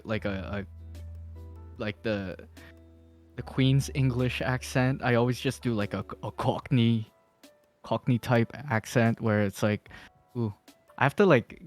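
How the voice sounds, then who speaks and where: Rambling man laughing through casual chat. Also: mid-range voice. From Philippines. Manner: laughs often, rambling with many fillers and restarts. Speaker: podcast guest.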